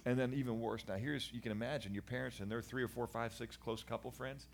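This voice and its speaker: A middle-aged man, a guest in a conversation, giving a candid personal testimony about his past in an animated, earnest way with frequent restarts. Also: mid-range voice, quick pace, vocal fry, a little hiss or hum. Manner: animated storyteller, acts out voices of people in his story. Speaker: guest sharing his life story.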